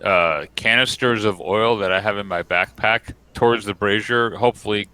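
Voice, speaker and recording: A man's voice: lowish voice, moderate pace, bright, forceful tone, smooth, no room sound. A man playing in a tabletop game, asking questions hesitantly with many restarts. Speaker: player.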